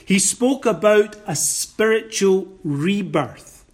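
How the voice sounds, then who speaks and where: A man preaching a sermon, quoting scripture and stressing his points with slow emphasis. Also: high-pitched, lively intonation.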